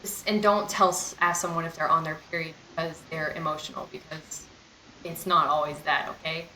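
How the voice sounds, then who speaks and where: A woman's voice: deep voice, fairly even intonation, a little fast, bright, forceful tone, echoey room, slight background noise, rough recording. A young woman in a casual storytime vlog, talking candidly and rambling, with lots of "like" and "you know.". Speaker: vlogger.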